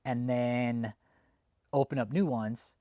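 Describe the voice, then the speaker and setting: A man hosting a livestream who rants heatedly, swears often and bursts out loudly as he talks to his chat. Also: medium pitch, fairly even intonation, slow. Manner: heated and swearing, with loud outbursts. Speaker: livestream host reading chat. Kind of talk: profane ranting live commentary.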